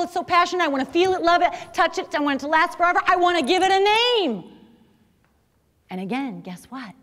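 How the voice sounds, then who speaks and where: Middle-aged woman lecturing teens, high voice, preachy and emphatic, big echoey hall. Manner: emphatic, preachy, rhetorical questions. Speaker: speaker. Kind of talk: chastity talk to young audience.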